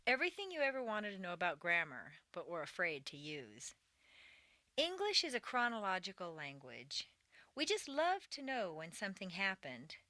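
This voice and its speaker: Lively, bright-voiced woman reading a lesson. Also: mid-range voice, no room sound. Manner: clear, deliberate, exaggerated intonation for drills. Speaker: English pronunciation teacher. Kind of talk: scripted audio lesson narration.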